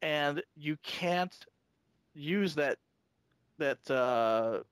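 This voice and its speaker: Halting man in casual fan talk. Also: on the high side, expressive, smooth, no room sound. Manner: halting, many restarts and fillers. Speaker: podcast co-host.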